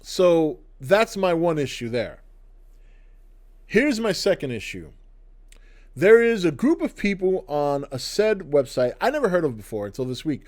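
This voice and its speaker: A man's voice: a little high, big pitch swings, unhurried, a little mellow. A middle-aged man hosting his own video channel, giving a blunt, sarcastic opinion rant to the camera. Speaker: channel host. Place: indoors, to camera.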